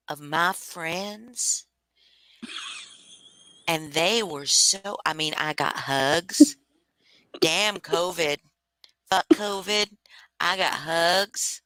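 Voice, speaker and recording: A woman putting on a slow, drawling gushing lady. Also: fairly bright tone, dry recording, poor audio. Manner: drawn-out, low, slow delivery.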